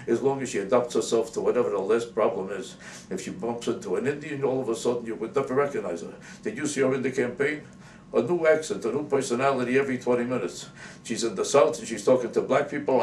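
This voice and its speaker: A man's voice: mid-range voice, a little mellow. Indignant man ranting comically. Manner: indignant, rapid-fire, sarcastic. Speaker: comedian. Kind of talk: comic rant to camera. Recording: roomy, distant mic, faint hiss.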